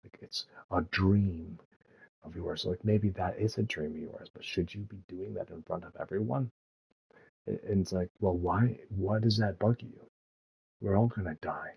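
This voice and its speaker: A man rambling through casual commentary, profane and laughing often as he thinks out loud. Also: sits low, measured pace, creaky, pauses often, breathy edge. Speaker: streamer.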